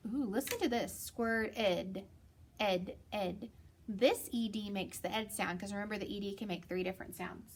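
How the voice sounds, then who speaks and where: A woman's voice: medium pitch, slight background noise. A woman teaching a phonics lesson to children, patient and encouraging, asking questions and answering them herself.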